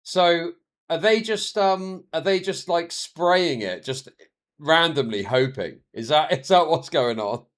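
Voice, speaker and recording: A man's voice: on the high side, unhurried. A man, streaming and reacting to a video with laughing, mocking asides.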